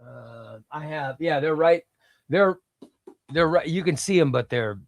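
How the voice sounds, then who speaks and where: A man's voice: on the high side, a little slow. A middle-aged man hosting a casual comic book livestream, rambling and reading chat aloud.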